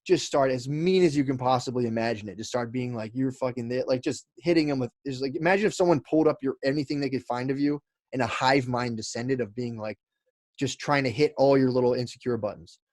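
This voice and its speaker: A man's voice: medium pitch, fast talker, darkish tone, no echo. A man telling a long story as a podcast guest, rambling with lots of fillers, restarts and swearing. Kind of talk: casual storytelling chat.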